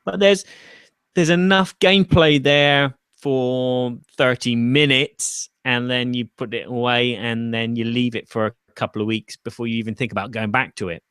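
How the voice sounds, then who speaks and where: A man's voice: mid-range voice, steady tone, normal speed, a bit bright, clear, resonant tone, dry recording, clean studio sound. A man hosting a casual chat about board games, thinking aloud with fillers and restarts. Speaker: podcast host.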